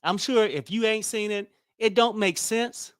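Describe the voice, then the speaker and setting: A man's voice: sits high, a little slow, a bit bright, clean tone, no echo, studio quality. A man hosting a casual political commentary show, blunt and exasperated, swearing freely.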